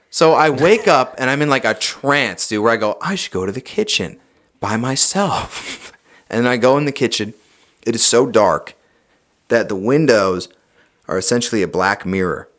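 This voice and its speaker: A young adult man, a podcast guest, telling a personal story in a casual, animated way, swearing often and saying "dude" a lot. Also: medium pitch, normal speed.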